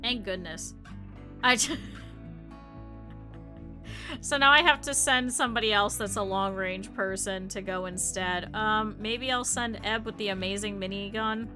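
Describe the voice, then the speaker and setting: A woman's voice: medium pitch, steady tone, a little slow, pauses often, music in the background. A woman streamer commenting on her gameplay live, chatting with her viewers, scolding her characters and swearing freely.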